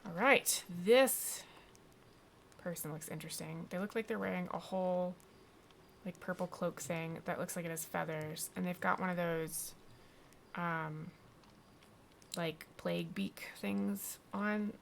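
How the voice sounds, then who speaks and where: A woman streaming a video game, rambling casually and pausing on frequent ums. Her voice is gravelly and on the low side, with a faint hiss in the background. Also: steady tone. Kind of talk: casual gameplay commentary.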